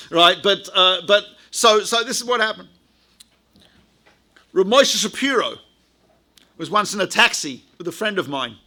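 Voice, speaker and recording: A man's voice: high-pitched, sharp tone. A male rabbi giving a lecture, telling anecdotes in a chatty way with frequent asides to the audience. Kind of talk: storytelling lecture.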